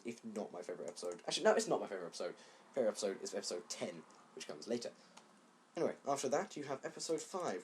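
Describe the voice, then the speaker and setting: A man's voice: on the low side, a little mellow. A man giving a casual, rambling review of an anime series, often stopping to correct himself.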